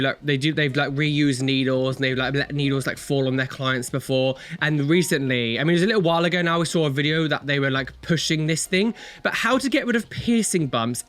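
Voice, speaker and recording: A man hosting a reaction channel, giving exasperated commentary with a slightly croaky voice. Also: a little high, fairly bright tone.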